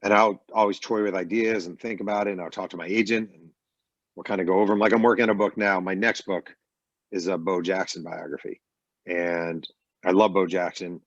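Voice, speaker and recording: A man's voice: sits low, a little fast, no echo. A middle-aged man, a best-selling author, telling stories casually in an interview over a video call from his bedroom. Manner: animated anecdotes with acted quotes. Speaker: author guest. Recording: dull lo-fi call audio.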